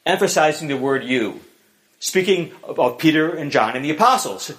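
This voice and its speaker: A man's voice: on the high side, fairly quick. A man preaching a sermon to a congregation, with frequent "uh" fillers between points. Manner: animated preaching with many "uh" fillers, acts out quoted voices. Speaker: pastor.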